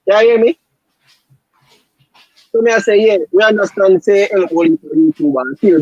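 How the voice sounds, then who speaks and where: A man with a Jamaican accent in casual chat, pleading and trying to calm a friend down. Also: fairly high pitch, husky, no room sound, rough recording. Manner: pleading, tries to calm the other.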